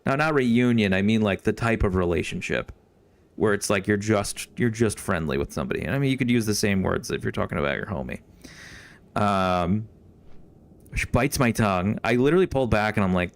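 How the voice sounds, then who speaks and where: Rambling, profane young man, low voice. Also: lively intonation, brisk. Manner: rambling, profane, with many fillers and restarts. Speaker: streamer. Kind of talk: casual storytelling while gaming.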